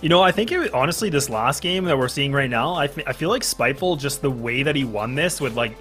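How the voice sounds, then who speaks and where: A Canadian man co-commentating an esports tournament in a casual, quick way. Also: medium pitch, lively intonation, fairly bright tone, faint music behind. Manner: quick, casual, uses "uh" and "honestly".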